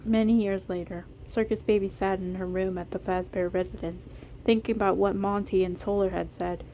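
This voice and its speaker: Woman narrating a storybook, mellow, steady, phone mic. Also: medium pitch, a little fast, slight background noise, poor audio. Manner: steady, plain read-aloud narration. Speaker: storyteller reading her fan fiction. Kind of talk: storybook reading.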